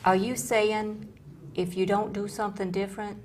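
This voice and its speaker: A woman's voice: mid-range voice, flat delivery, moderate pace, darkish tone, a little hiss or hum. A woman from Georgia with a Southern accent, co-hosting a chat show and speaking in an emphatic, preachy way. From Georgia, USA. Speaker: co-host. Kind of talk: casual talk-show chat.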